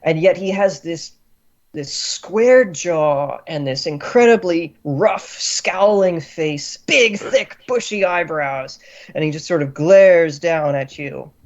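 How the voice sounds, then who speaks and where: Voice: medium pitch, slow. A game master narrating a tabletop game in loose, descriptive storytelling full of little fillers. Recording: muffled lo-fi recording.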